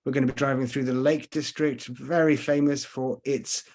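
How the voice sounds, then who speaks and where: A man working as a tour guide, giving a chatty, rambling virtual tour talk over slides with frequent pauses to think. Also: mid-range voice, flat delivery, darkish tone.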